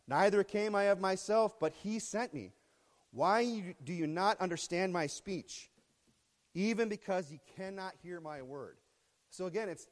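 A man preaching a sermon with fervor, reading scripture loudly and often checking in with the congregation. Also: mid-range voice, big-room sound. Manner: fervent preaching, reads scripture loudly, checks in with "okay?" and "right?". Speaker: pastor.

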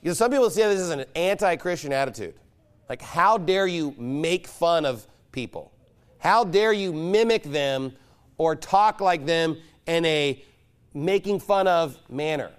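Man, pastor preaching a sermon, high voice, mocking, emphatic. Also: animated, measured pace, clean tone. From United States. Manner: emphatic, mocking, builds to loud insistence.

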